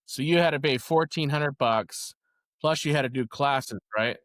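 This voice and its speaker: A man's voice: mid-range voice, moderate pace, a bit bright, dry recording, studio quality. A man co-hosting a podcast, trading crude, laughing banter in casual chat. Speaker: podcast co-host.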